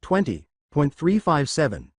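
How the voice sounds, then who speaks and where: Cowboy gunslinger man, folksy, challenging, read by a man, animated voice, dry recording. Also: on the high side, unhurried, no echo, full character voice.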